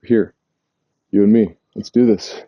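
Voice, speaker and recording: This vlogger, a New Yorker, speaks with a fairly low, steady voice at a measured pace, with no echo. His travel story meanders and he keeps correcting himself, all on dull lo-fi audio.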